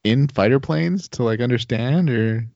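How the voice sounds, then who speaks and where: Mellow, hesitant man in casual chat. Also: medium pitch, measured pace, gravelly, dry recording. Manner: relaxed, hesitant, many fillers. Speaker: podcast co-host. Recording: dry, dull lo-fi audio.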